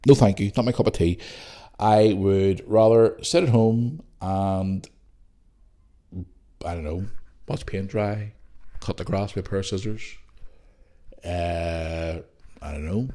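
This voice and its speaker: A man ranting on his own podcast, exasperated and full of sarcasm. His voice sits a little low for a man. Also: takes it slowly, pauses often, dark tone. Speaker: podcast host. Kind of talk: solo podcast rant.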